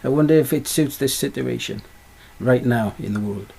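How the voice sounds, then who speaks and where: Gravelly, husky male preacher. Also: mid-range voice, moderate pace, mellow. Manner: emphatic, repeats rhetorical questions. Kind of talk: sermon.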